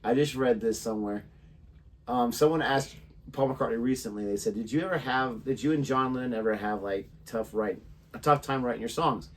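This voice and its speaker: A man co-hosting a music reaction show, chatting in a relaxed, conversational way and sharing trivia. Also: medium pitch, brisk. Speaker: reaction channel co-host. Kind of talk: casual chat.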